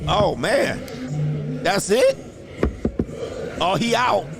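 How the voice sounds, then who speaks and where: Slow-talking man reacting with laughs. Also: high-pitched, big pitch swings, gravelly, very noisy. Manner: laughing, exclaiming, slangy. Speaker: commentary channel host. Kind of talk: casual reaction commentary.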